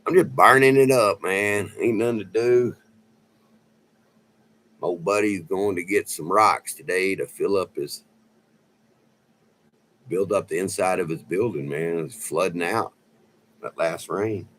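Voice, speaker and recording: A middle-aged man vlogger rambles casually in a loose, profane way, telling drawn-out stories and calling people "man" over and over. His voice is deep and a bit bright, and the low-quality recording carries slight background noise.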